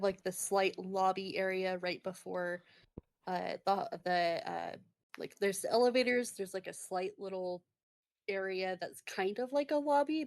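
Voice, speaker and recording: A woman narrating as game master of a tabletop game, hesitant and full of fillers. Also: mid-range voice.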